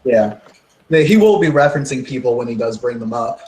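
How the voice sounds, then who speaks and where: A man playing a tabletop role-playing game, describing his character's actions in a relaxed, joking manner. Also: mid-range voice, rough recording. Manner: relaxed, quick to laugh. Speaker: player. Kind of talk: casual tabletop game play.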